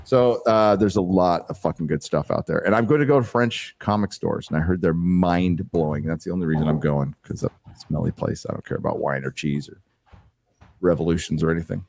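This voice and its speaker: A man hosting a live stream, reading out donations and chatting in a joking, swearing, animated way. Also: sits low, fairly quick, vocal fry. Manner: animated, joking, swearing, reads superchats aloud. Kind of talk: casual live-stream chat.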